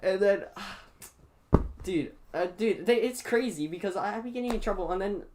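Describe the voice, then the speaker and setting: A man's voice: sits high, moderate pace, noisy background. A teenage boy hosting a stream, telling school stories in a rambling casual chat full of fillers. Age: teens. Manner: rambling storyteller with many fillers and restarts. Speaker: streamer host.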